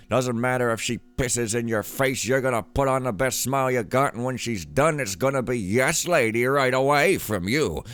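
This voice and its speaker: A man's voice: mid-range voice, pitched above the performer's own voice, lightly acted. A man reading out notes in the voice of a crooked male gang boss, coarse, bossy and threatening.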